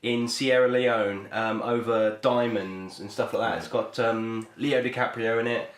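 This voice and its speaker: A man's voice: medium pitch, steady tone, a little slow, soft background music. A young man from the UK rambles through a casual film chat, hesitating and restarting often. His voice sits in a middle register. The room around him is echoey and roomy. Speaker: podcast co-host. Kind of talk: casual chat about films.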